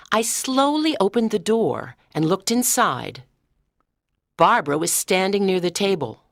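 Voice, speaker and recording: Woman narrator, slow reading for learners, lowish voice, dry close sound. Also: fairly bright tone, no room sound. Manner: slow, clear.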